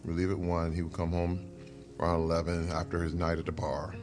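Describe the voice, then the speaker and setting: A man's voice: low-pitched, fairly quick, music in the background. A middle-aged man, a guest in a casual interview, telling stories and acting out the people in them. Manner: animated storyteller who acts out quoted people.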